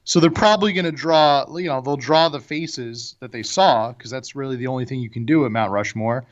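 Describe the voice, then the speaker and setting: A man's voice: mid-range voice, fairly quick. A man co-hosting a casual debate podcast, opinionated and often restarting his sentences. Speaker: podcast co-host. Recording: dull lo-fi audio.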